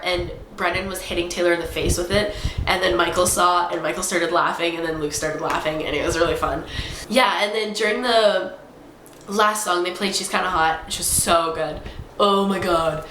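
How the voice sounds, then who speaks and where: A young woman vlogger tells her story in a rush of excited, rambling chatter. Her voice sits a bit low with a gravelly fry. The room around her is echoey, with a faint hum of background noise. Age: young adult. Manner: excitable, rambling fangirl storytelling with many fillers. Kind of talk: casual chatty recap. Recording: roomy echo.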